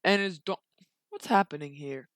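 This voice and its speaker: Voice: medium pitch, normal speed, a bit bright, no room sound. A young video creator casually retelling a story while drawing, rambling along with slangy asides.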